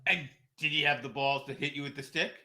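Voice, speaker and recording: A man's voice: fairly high pitch, fairly even intonation, fast talker, sharp tone. A middle-aged man chatting casually as a podcast co-host, rambling and restarting his sentences. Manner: rambling, many fillers and restarts, laughs easily. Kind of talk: casual chat.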